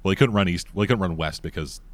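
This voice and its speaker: A man's voice: deep voice, fast talker, dry recording. A man co-hosting a casual movie review chat, talking bluntly and swearing freely. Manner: profane, blunt, animated. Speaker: podcast co-host.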